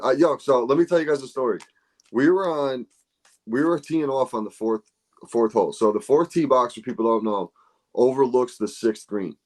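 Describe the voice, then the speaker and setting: A man with a lowish voice tells golf stories on a casual podcast. He talks with animated energy and swears freely, acting out what other people said. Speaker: podcast host. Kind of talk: casual chat.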